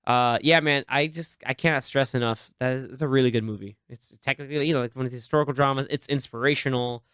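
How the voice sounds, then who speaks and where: A man's voice: mid-range voice, fast, smooth, dry recording, studio quality. A man hosting a podcast, chatting casually and animatedly about movies and acting out favorite lines. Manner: animated, quotes film lines in put-on voices. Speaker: podcast host.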